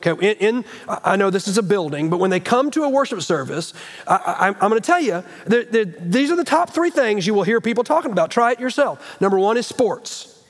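A middle-aged man preaching a sermon as a guest speaker, folksy and animated, often restarting his sentences. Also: high-pitched, brisk, in a large hall. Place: church sanctuary.

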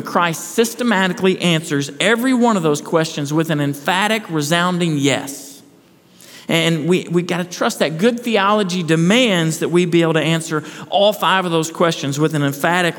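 A pastor preaches to his congregation in an earnest, searching way, often circling back on a word before pressing on. His voice sits a little higher than most men's. The sanctuary rings with a long reverb around him. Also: a bit bright. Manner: earnest preaching with repeated restarts, rhetorical questions. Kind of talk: sermon. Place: church sanctuary.

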